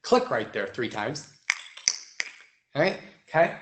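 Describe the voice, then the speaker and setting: A man's voice: mid-range voice, big pitch swings, slow pace, noisy background. A young man teaching vocal technique to a choir, explaining step by step and often checking in with "right?". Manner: sings vocal demonstrations. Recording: roomy echo.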